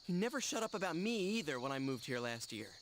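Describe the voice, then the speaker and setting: A man's voice: medium pitch, sing-song, quick pace, slight background noise. Yosuke, a sarcastic teen boy. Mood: wry. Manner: sarcastic, teasing. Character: wisecracking teenage boy, jumpy and sarcastic. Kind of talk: video game voice acting. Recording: game dialogue over loud music. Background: game music.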